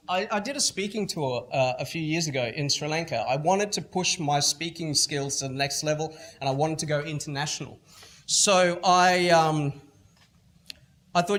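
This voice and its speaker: A middle-aged Australian man giving a motivational keynote at a school festival, telling lively anecdotes and acting out other people's lines. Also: high-pitched. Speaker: motivational speaker. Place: school event stage.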